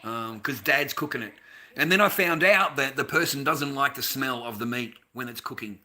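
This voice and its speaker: A man's voice: mid-range voice, moderate pace, sharp tone. An Australian man and father ranting to camera in a heated, swearing monologue, calling the listener mate. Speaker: vlogger, father.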